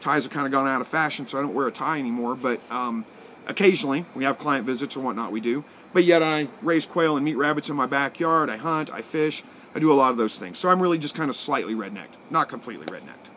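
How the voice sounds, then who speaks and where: A man, hosting a live stream and answering viewer comments in a relaxed, folksy way that thinks out loud. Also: mid-range voice, fast, slight background noise. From Southwest Missouri, USA. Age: 40s.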